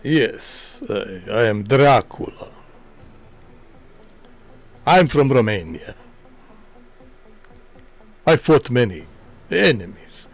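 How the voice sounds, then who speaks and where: A man's voice: mid-range voice, big pitch swings, drawn-out words, long pauses, full character voice. A man playing a grandiose vampire count. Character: boastful male vampire count, menacing. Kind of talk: joking role-play while streaming a game.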